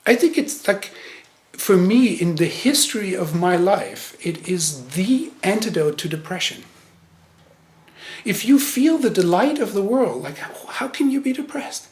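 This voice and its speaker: A male Zen teacher giving a meditation talk, searching for words with frequent restarts and pauses. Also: high voice, animated, reverberant. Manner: hesitant, searching, many restarts. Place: meditation hall.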